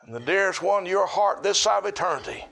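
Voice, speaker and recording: A middle-aged man preaching a sermon, chanting in a repetitive cadence that rises to shouts. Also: high voice, animated, brisk, vocal fry.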